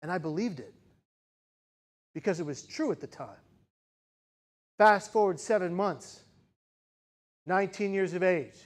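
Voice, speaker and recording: A man in his forties giving a personal storytelling speech as a keynote speaker, dramatic and shifting between loud intensity and hushed quiet. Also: high-pitched, animated, a little slow, pauses often. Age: 40s.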